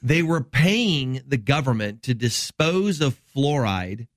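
A middle-aged man from Wisconsin hosts a health talk show as a doctor, chatting casually. He explains things in a rambling, enthusiastic way at a middle pitch. The sound is close and dry. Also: very animated, slow pace, dry recording. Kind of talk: casual chat.

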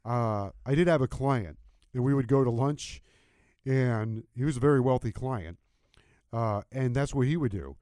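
A man's voice: mid-range voice, normal speed, darkish tone, dry recording, studio quality. A middle-aged man guest-hosting a sports radio show, chatting casually and laughing easily.

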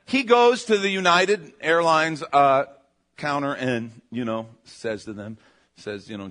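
Guy preaching casual-like, bright punchy voice, animated storyteller, keeps stopping and restarting, keeps asking "okay?". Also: on the high side, a little slow. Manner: animated storytelling, often checking in with the listeners; self-interrupting, restarts phrases. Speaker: pastor. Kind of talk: conversational sermon.

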